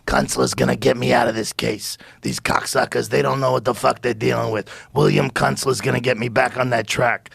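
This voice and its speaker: A man's voice: medium pitch, steady tone, a little fast, vocal fry, hardly any pauses, a bit bright, husky, no room sound, heavily acted. A man putting on a foul-mouthed old hustler. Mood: ranting. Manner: profane ranting.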